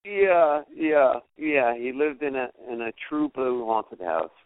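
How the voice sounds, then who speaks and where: A man's voice: medium pitch, slow, no room sound. An older man, a guest musician, telling stories in a casual interview and acting out the people in them. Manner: animated storyteller who acts out the people in his tales. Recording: dry, tinny phone-like audio.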